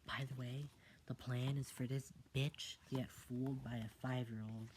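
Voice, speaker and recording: A reader reading a picture book aloud in a casual, soft style, adding whispered side comments. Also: mid-range voice, flat delivery, moderate pace, noisy background.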